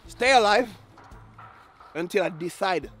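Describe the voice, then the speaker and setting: A man's voice: sits high, expressive, unhurried, fairly bright tone, faint music behind. A man filming a joking complaining vlog, whiny and slangy, calling everyone "bro" and mixing in French words.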